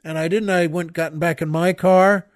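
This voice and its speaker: Older male host, halting storyteller, slightly high voice, dry studio sound. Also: fairly even intonation, no room sound. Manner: rambling, halting, with many restarts and asides to the listener. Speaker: podcast host. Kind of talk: casual storytelling monologue.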